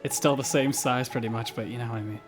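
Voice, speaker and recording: A woman's voice: rumbling low, steady tone, quick pace. A woman co-hosting a let's play, giggling and joking playfully as she comments on the game. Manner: giggly, silly, playful, laughs often. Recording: game music in background.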